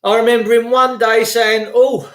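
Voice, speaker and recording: A man's voice: high voice, moderate pace, a bit bright, roomy sound. A man delivering an indignant, sarcastic ranting monologue. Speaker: vlogger.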